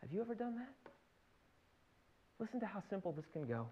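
A man's voice: high-pitched, sing-song, a little fast, mellow, slight background noise. A male pastor teaching in an earnest sermon, often repeating words as he builds a point. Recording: dull lo-fi sound.

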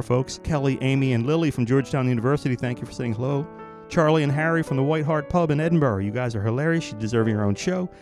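A man hosting a podcast, giving a run of friendly, jokey thank-yous and shout-outs in an upbeat, chatty way. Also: mid-range voice. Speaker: podcast host.

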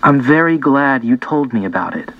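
A man voicing a gentle, caring middle-aged mother who speaks softly and calmly. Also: mid-range voice, normal speed. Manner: soft-spoken and calm. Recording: dull, dry lo-fi recording.

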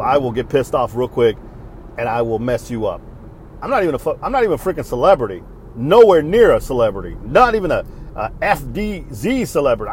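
A man's voice: mid-range voice, a little hiss or hum. A middle-aged man, hosting a podcast in a blunt, profane, fired-up rant. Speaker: podcast host. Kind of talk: casual ranting monologue.

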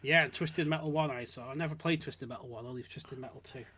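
A man's voice: mid-range voice, fast talker, a crowd in the background. A man hosting a podcast, ranting and swearing in casual mocking chat. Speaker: podcast host.

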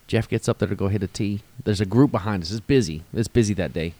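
A man co-hosting a podcast, telling stories in a casual, animated way and laughing often. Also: lowish voice, quick pace. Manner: animated, laughs while telling stories, says "dude" a lot. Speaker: podcast co-host. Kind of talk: casual storytelling chat.

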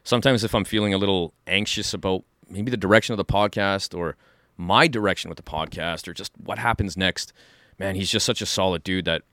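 A man co-hosts a podcast in a studio, chatting casually with a rambling, enthusiastic manner. His voice is low, and his words come out quickly. The sound is dry, with no room echo. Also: fairly bright tone. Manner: rambling, enthusiastic, full of fillers and restarts. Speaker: podcast co-host. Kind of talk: casual chat.

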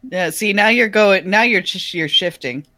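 A podcast co-host chatting casually, playful and quick to laugh. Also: medium pitch, bright, forceful tone, no room sound. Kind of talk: casual chat.

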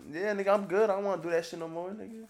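A man's voice: sits high, fairly even intonation, racing, slight background noise. A man co-hosting a casual podcast, trading crude roasting insults with a laugh. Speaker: podcast co-host.

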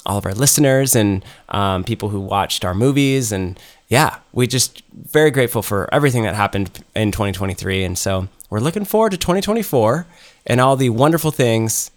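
A man's voice: fairly low pitch, expressive, brisk. A man co-hosting a podcast in casual chat, rambling with lots of ums and restarts. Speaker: podcast co-host.

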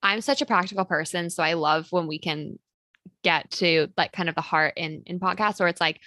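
Woman podcast host, casual and chatty, lowish pitch, dry close sound. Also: moderate pace, sharp tone, dry recording. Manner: chatty, practical, frequent "like" fillers. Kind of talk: casual chat.

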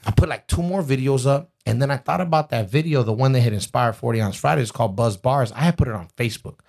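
A man, a rapper, telling a profane, animated story about his career in casual conversation. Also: medium pitch, fast talker, creaky. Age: adult with a twenty-year-old stepdaughter. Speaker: rapper guest.

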